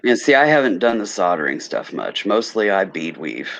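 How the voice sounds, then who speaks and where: A man co-host in casual chat, relaxed and hesitant with many fillers. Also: deep voice, moderate pace. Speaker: podcast co-host. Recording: dull lo-fi recording.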